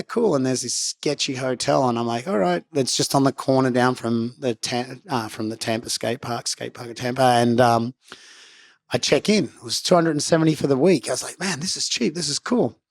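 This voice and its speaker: A middle-aged Australian man with an Australian accent, telling stories as a guest in a casual interview, rambling with lots of "like" and acted-out quotes. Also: medium pitch. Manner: rambling, laid-back, lots of "like" and quoted self-talk.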